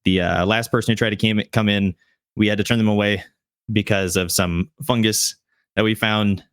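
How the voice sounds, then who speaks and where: A man's voice: on the low side, fairly even intonation, moderate pace, fairly bright tone, clear, resonant tone, dry recording, clean studio sound, natural voice. Man voicing a too-cheerful gate guard. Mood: welcoming. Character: friendly male city gate guard, overly welcoming.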